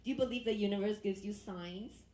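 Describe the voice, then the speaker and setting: A woman's voice: medium pitch, fairly quick, mellow. Give me a brash woman from Asia doing stand-up into a handheld mic in an echoey club. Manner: brash, teasing, works the crowd. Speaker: stand-up comedian. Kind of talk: stand-up set. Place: comedy club stage. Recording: roomy club sound.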